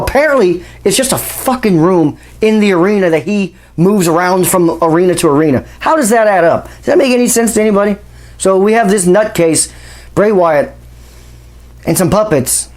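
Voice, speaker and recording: A man's voice: high-pitched, darkish tone. A man hosting a wrestling channel, ranting in a casual, exasperated and profane way with bursts of sarcasm. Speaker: wrestling commentary host.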